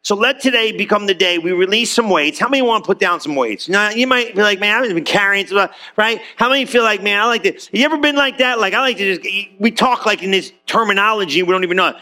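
A pastor giving a lively, conversational sermon, often acting out quoted voices and restarting his sentences. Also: sits high, quick pace, hardly any pauses. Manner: repeats himself with restarts.

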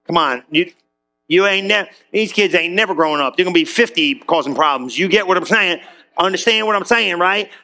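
A high-pitched, gravelly male pastor preaching with bright, forceful energy. Middle-aged, he jokes and keeps calling out to the congregation. His delivery is animated and playful. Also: brisk. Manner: animated, joking, calls out to the congregation. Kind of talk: sermon.

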